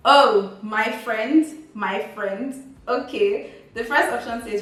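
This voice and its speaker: Young woman vlogger, chatty and easygoing, middling pitch, recorded off-mic in an echoey room. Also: expressive, unhurried, distant mic. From Nigeria. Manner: chatty, reads questions aloud, laughs often. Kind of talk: casual quiz vlog.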